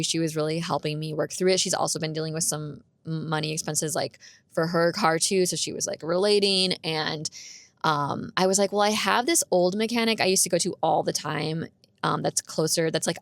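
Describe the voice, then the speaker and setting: A woman's voice: fairly low pitch, vocal fry, no room sound. A young woman telling a story in a casual vlog, chatty and full of "like", acting out what people said. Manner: chatty, full of "like", acts out quotes. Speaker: vlogger.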